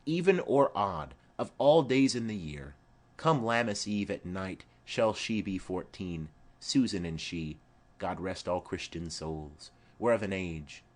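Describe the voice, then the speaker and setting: A man's voice: deep voice, animated, measured pace. A man reading a rambling old nurse. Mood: fond. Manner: rambling, fond, earthy asides. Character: chatty old female nurse, rambling and doting. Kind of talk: audiobook play reading.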